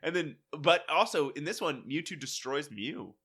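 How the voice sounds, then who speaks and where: A man's voice: on the high side, lively intonation, normal speed, fairly bright tone, breathy edge. A man co-hosting a casual comedy podcast, rambling through a story, laughing often and acting out quotes. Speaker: podcast co-host.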